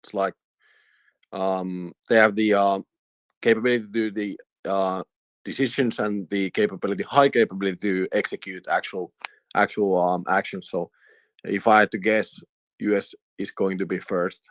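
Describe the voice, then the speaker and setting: Male panel guest, lowish pitch, dry sound, hesitant delivery. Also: steady tone, no echo. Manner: halting, many fillers. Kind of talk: casual panel chat.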